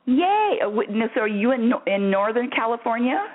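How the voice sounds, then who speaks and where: An effusive woman hosting a call-in spiritual radio show. She talks with animated swings and frequent laughs and repeats her phrases for emphasis. The audio is thin and tinny, like a phone line. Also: fairly high pitch, fairly quick. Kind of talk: call-in radio advice talk.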